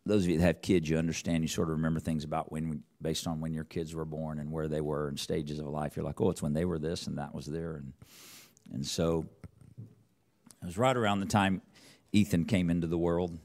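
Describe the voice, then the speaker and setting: A man's voice: steady tone, a little fast, a little mellow. A middle-aged man preaching a sermon, telling a personal story with rambling restarts and rising intensity. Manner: rambling, restarts, rises in pitch and volume as the story builds.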